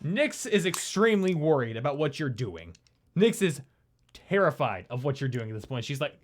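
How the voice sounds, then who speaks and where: A man runs a tabletop game live on a home stream mic. His voice sits a little high, and he narrates in a rambling, improvised way, circling back and correcting himself as he describes the scene. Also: very animated, moderate pace. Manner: loose and hesitant, full of fillers and restarts. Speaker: dungeon master.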